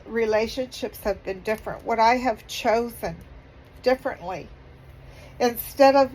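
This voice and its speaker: A middle-aged woman vlogging, halting and apologetic, crying as she speaks. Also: fairly high pitch, a little mellow, poor audio. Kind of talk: emotional personal vlog.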